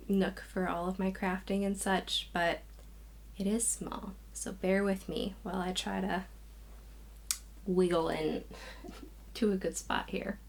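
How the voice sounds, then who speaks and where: A young woman chatting casually to camera from a small craft room at home, a little out of breath, rambling with sighs and restarts. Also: lowish voice. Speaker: knitting podcast host. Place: small spare room used as a craft nook. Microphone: camera, moving in and out of frame.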